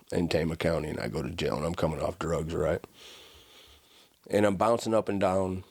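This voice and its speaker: A man with a very low voice, recorded with a dry, close sound and no echo, is a podcast guest telling stories conversationally. He's casual and animated, frequently dropping "right?" and "like."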